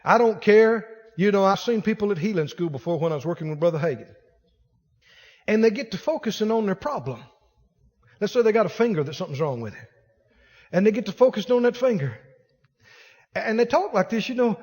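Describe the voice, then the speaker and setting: A man's voice: high voice, expressive, quick pace, long pauses, darkish tone. A man preaching a sermon, pressing his points with emphatic repetition and speaking directly to the congregation. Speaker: pastor. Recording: long hall reverb.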